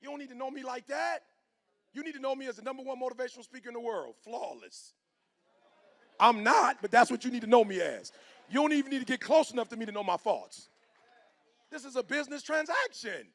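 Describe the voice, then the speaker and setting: Gravelly, high-pitched motivational speaker man. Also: fairly quick. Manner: animated, preachy, slangy, swings from hushed to loud. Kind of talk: motivational speech.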